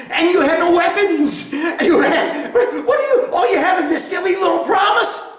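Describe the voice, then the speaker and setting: A teacher acting out a pompous male ambassador of demons who blusters and mock-shouts his threats. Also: high voice, voice pushed up, heavily acted. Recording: roomy, from a distance.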